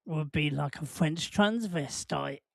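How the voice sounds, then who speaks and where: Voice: medium pitch, dry recording, clean studio sound. A host, chatting casually on a live watch-along stream, rambling and jokey, laughing often and putting questions to the chat.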